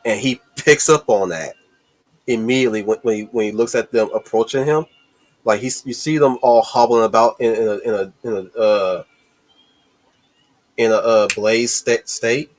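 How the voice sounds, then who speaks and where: A man hosting a casual movie discussion stream, excited and rambling, with lots of restarts and swearing. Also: lowish voice, normal speed. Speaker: host.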